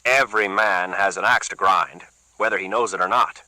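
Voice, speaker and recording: Guy reading a defiant old man of eighty-six, grave, slow, low. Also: bright, forceful tone, dry recording, low-quality recording. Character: 86-year-old man, stern, wise and defiant.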